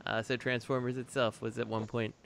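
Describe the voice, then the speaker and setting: A man's voice: mid-range voice, level tone, fairly quick, gravelly, a bit bright. A man co-hosting a podcast, making his case in a casual, argumentative way. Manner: argumentative, explaining his point. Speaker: podcast co-host.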